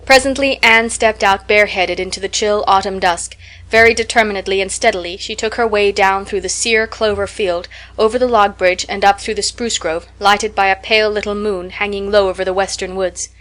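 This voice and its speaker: A woman reading a classic novel aloud as an audiobook narrator, measured and expressive. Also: medium pitch. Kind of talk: scripted narration.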